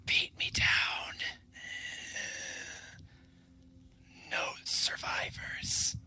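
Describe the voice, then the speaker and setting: A man voicing a briefly reanimated dead guard in whispered role-play, speaking in a slow breathy whisper. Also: pushed and bright, low-quality recording. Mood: hollow.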